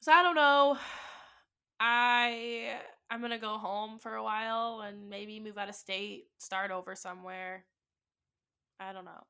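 A woman's voice: mid-range voice, level tone, a little slow, sharp tone, clear, resonant tone. A woman in her twenties, a podcast host, telling a personal heartbreak story with emotion and swearing, acting out both sides of the dialogue. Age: 20s. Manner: emotional, swearing, quoting dialogue with rising intensity.

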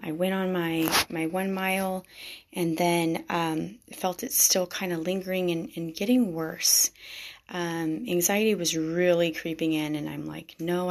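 Gravelly low-voiced woman, earnest confession. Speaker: vlogger speaking to wives. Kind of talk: personal faith storytelling.

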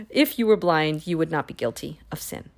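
A woman hosting a Bible podcast, retelling a chapter in a casual, animated way with playful, sassy asides. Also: low voice, measured pace, gravelly. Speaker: podcast host reading and discussing the Bible.

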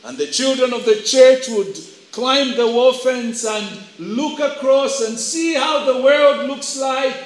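A man's voice: extremely high pitch, slow, few pauses. A man preaching a sermon to young people, acting out voices as he tells stories. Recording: echoey room.

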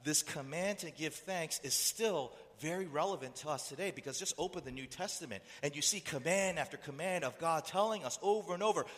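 Here the preacher's voice sits on the high side and is a bit bright, moving fairly quickly with hardly any pauses. He fires rhetorical questions at the listeners and acts out voices in a hall with echoing reverb.

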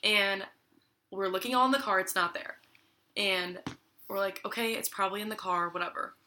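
A young woman tells a story in easy, casual talk. She acts out each person's lines and fills her talk with "like." Her voice is very bright and clear. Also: medium pitch, normal speed, a little hiss or hum. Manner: lively storyteller, acts out quotes with many "like"s.

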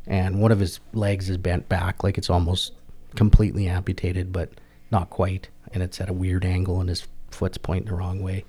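Gravelly low-voiced man. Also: warm tone. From Canada. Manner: halting, repeats and restarts words, plain-spoken. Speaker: guest, military veteran. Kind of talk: personal storytelling in a podcast interview.

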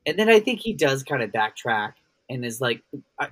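A podcast co-host in casual chat, animated and swearing, with big reactions. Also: medium pitch, normal speed, no room sound.

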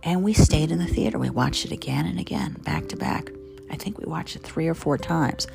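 A woman's voice: sits low, a little fast. A woman in her fifties from New Jersey with a Southern accent, a chef hosting a show, telling rambling, wry stories and digressing often. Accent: Southern American over New Jersey. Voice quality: gravelly. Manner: chatty, digressive, animated, wry. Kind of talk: rambling storytelling monologue. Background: music.

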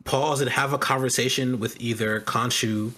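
A man's voice: mid-range voice, steady tone, moderate pace, bright, forceful tone. A man co-hosting a podcast, frankly venting his gripes about a TV show in casual chat. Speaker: podcast co-host.

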